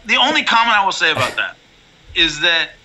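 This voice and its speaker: A man talking as a guest in a casual interview, blunt and animated, telling stories with many restarts. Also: sits high, fairly quick, over music, low-quality recording. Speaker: MMA color commentator, guest.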